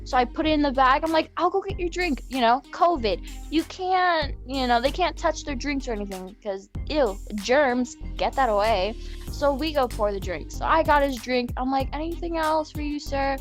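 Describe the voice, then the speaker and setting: Young woman, high voice, animated and sweary, casual podcast rant over faint music. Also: normal speed. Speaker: podcast panel member.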